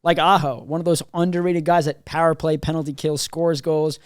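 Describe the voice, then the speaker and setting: A man's voice: on the high side, flat delivery, a little fast, smooth, dry recording, studio quality. A man, co-hosting a hockey podcast and giving emphatic casual analysis. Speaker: podcast co-host.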